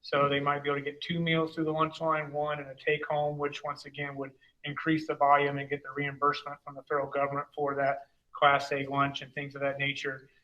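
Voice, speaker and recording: A man reports as superintendent at a school board meeting. He rambles in a loose, conversational way. His voice is bright and slightly high, with a flat pitch. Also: brisk, highs cut off. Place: meeting room.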